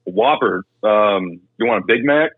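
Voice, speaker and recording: A man's voice: on the low side, sing-song, normal speed, vocal fry, no room sound, pitched below the performer's own voice, heavily acted. A man doing a blunt bored burger worker on a tinny line. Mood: dismissive. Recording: tinny phone-like remote line.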